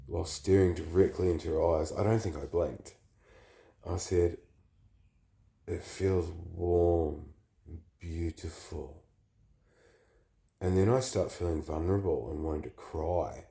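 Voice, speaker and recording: Man, flu-sick, very low creaky voice, rambling confessional storytelling. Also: warm tone. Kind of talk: casual personal storytelling.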